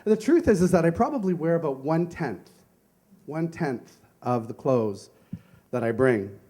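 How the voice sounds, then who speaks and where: A male minister gives a conversational Sunday sermon, telling personal stories and posing rhetorical questions. His voice is a little high, expressive and mellow, at normal speed.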